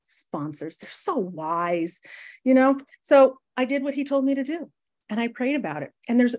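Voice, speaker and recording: Woman telling her recovery story to a meeting, chatty, speaks straight to the group. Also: on the high side. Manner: conversational, addresses listeners as guys, frequent tag questions; acts out quoted people with lively voices. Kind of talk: personal recovery share.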